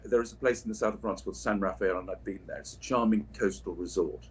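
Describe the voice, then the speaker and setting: A man's voice: on the low side, husky. A voice actor chatting casually on a livestream while signing prints, drifting through anecdotes and restarting his sentences. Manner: rambling, anecdotal, many restarts and asides.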